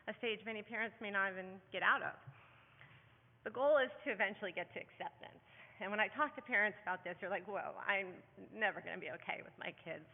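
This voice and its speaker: A woman, herself a parent, giving an earnest conference talk to other parents, with frequent ums and restarts. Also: medium pitch. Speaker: parent speaker at a heart-condition symposium. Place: conference hall. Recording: echoey hall over a thin phone-like line.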